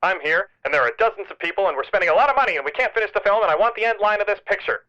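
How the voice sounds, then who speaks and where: A frantic male film director barks demands down a phone line, as a man puts him on. He talks high and fast with a sharp, bright edge, insistent and impatient. The sound is muffled and dull. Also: animated. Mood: urgent. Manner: insistent, urgent, pushy.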